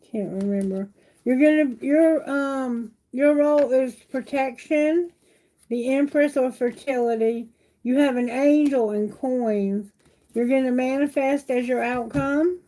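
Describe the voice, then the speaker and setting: Unhurried woman reading tarot live; soothing, reassuring, fairly high voice. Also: dark tone, low-quality recording. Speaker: tarot reader.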